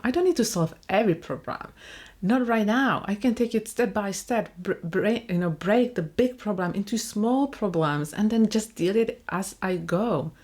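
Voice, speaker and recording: Lowish-voiced woman vlogging about parenting. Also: darkish tone. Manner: reflective, with frequent restarts and fillers. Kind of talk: casual talk to camera.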